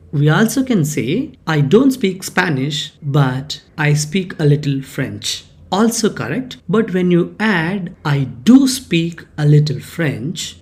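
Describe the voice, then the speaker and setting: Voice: mid-range voice, darkish tone. A teacher gives a grammar lesson. The teacher explains each point, then reads the example sentences aloud with stress and repeats them. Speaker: English teacher.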